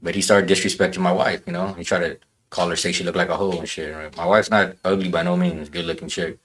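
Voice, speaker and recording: A man in a casual podcast chat, telling a story in rough, profane language. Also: low voice, level tone, fast talker, fairly bright tone.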